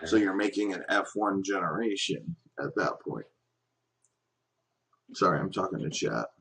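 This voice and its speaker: A man's voice: low voice, animated, moderate pace, vocal fry, a bit bright, a little hiss or hum, poor audio. A man hosting a stream, chatting casually and explaining things in a laid-back way.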